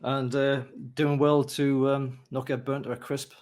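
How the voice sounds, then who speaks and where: A man's voice: mid-range voice, little pitch movement, unhurried, darkish tone. A man hosting a casual podcast, joking and swearing freely with plenty of fillers. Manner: chatty, joking, profane, many fillers. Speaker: podcast host.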